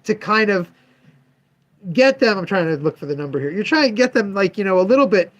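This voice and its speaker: A man tells his familiar viewers a chatty tale from his comic shop, playing both himself and a haggling customer with wide pitch swings in his fairly high voice. He is brisk and animated, and the sound is lo-fi.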